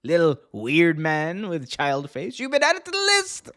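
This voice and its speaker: A man's voice: wildly swooping pitch, measured pace, fairly bright tone, heavily acted. A man hamming up a pompous wrestler. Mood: hammy. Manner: theatrical, booming taunts. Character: hammy, pompous male wrestler showing off.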